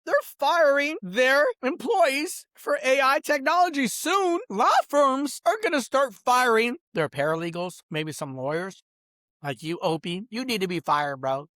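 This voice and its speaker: A man's voice: very high voice, animated, a little slow, a bit bright, no echo, clean studio sound. A man vlogging in a rambling, casual rant, swearing freely and saying "bro" constantly while reading messages aloud. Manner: eats and drinks wine while talking. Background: faint music.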